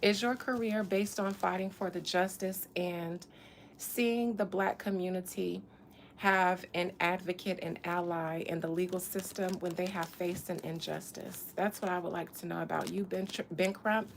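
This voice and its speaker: A woman's voice: lowish voice, steady tone, moderate pace, creaky, slight background noise. A woman from Florida doing a loose, profane psychic reading in casual livestream chat from a hot room in an old house. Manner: loud, laughing, profane banter. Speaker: psychic reader.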